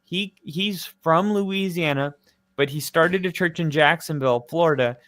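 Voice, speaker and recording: A man's voice: fairly high pitch, moderate pace, fairly bright tone. A man co-hosting a football live stream in casual chat, rambling with lots of fillers.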